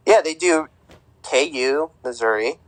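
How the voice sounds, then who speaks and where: A man's voice: fairly high pitch, a little slow, no room sound, rough recording. A young man co-hosting a podcast, chatting casually about sports with a rambling, filler-heavy way of talking. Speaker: podcast co-host.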